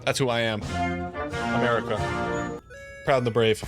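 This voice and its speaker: A live streamer chatting casually while playing a game. The talk is rambling and self-deprecating, with quick asides to chat. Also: medium pitch, fairly even intonation, music in the background. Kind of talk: casual gameplay commentary.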